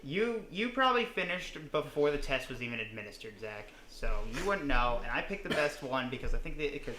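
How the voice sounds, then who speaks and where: A man's voice: medium pitch, very animated, fairly quick, few pauses, bright, forceful tone. A young man co-hosting a podcast, joking and playful with many fillers. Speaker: podcast co-host. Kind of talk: casual chat. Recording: echoey room, faint background noise.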